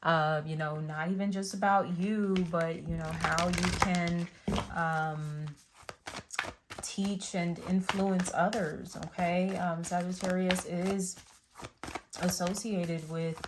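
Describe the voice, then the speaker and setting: A woman's voice: on the low side, steady tone, slow, noisy background. A woman giving a casual spiritual tarot reading, rambling with many fillers and restarts. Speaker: tarot reader.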